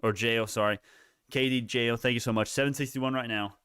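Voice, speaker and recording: A man's voice: mid-range voice, steady tone, fairly quick, fairly bright tone, clear, resonant tone, no room sound, studio quality. A man hosting a live stock market stream, commenting on price moves in a rambling way, often correcting himself mid-sentence and swearing now and then. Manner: rambling, self-correcting, profane. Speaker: livestream stock market host.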